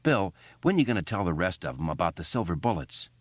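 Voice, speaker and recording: A man voicing a wisecracking boy who banters quickly with his friend. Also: low voice, very animated, dry recording, muffled recording. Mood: joking. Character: wisecracking boy, joker of the group.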